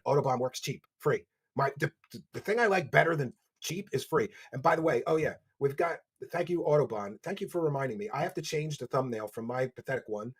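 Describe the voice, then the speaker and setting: A man with a Philadelphia accent hosting a livestream, reading donations and mocking his subject with loud bursts. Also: mid-range voice, animated, brisk, few pauses, husky. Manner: mocking, loud bursts, reads chat aloud. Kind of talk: casual livestream commentary. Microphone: desk microphone.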